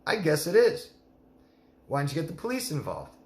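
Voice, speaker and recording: A man's voice: a little high, wildly swooping pitch, moderate pace, a little mellow, reverberant, slight background noise. A man coaching a listener in a live Q&A, blunt and emphatic, repeating her name as he gives advice. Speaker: life coach.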